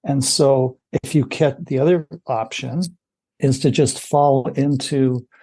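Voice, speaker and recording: A man speaking as a guest on a podcast interview, explaining things in a relaxed, easygoing way with frequent "you know" asides. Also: mid-range voice, takes it slowly. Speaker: podcast guest, running coach. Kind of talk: casual interview talk.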